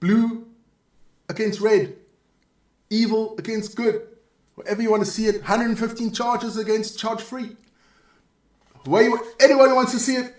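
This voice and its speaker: A man's voice: sits high, steady tone, moderate pace, pauses often. A man hosting a live sports show, running through results in a casual, joking way with asides to his viewers. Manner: chatty, joking, reads scores with asides to viewers.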